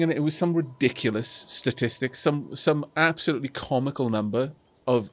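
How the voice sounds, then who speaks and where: A Welsh man chatting casually to his live-stream audience while playing a strategy game, rambling along with many restarts. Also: mid-range voice.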